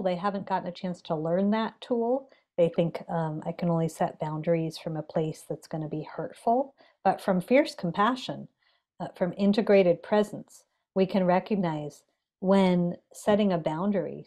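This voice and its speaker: A woman who is a meditation teacher, speaking as a podcast guest in a measured, gentle, reflective way with pauses and fillers. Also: on the low side.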